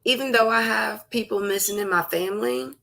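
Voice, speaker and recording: A woman hosting an emotional conversation, slow and heartfelt, laughing and tearing up along the way. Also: medium pitch, gravelly, bright, forceful tone. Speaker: host.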